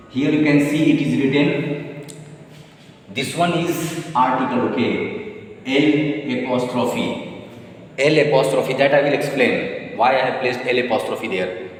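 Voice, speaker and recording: A man teaching a language lesson slowly, repeating each word and checking in with "okay?" after each point. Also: mid-range voice. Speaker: French teacher. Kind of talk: slow, repetitive language lesson. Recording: echoey room with long reverb.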